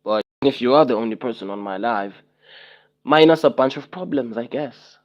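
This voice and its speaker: A man's voice: mid-range voice, normal speed, lo-fi sound. A young man on a casual livestream, talking to his viewers and repeating himself in exasperated rhetorical questions.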